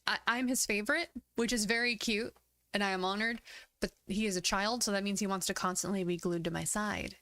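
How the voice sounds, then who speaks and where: A woman's voice: medium pitch, fairly even intonation, a little fast, sharp tone, no room sound. A woman streamer chatting casually over a game in a mid-range voice. She talks frankly and bluntly and swears freely. Her desk mic sounds dry and close. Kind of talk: casual chat on a gaming livestream.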